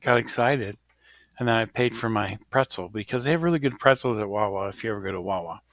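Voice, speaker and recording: A man's voice: on the low side, fast, a bit bright, no room sound. A man co-hosting a casual podcast, easygoing and self-deprecating as he tells stories. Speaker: podcast co-host. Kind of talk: casual chat.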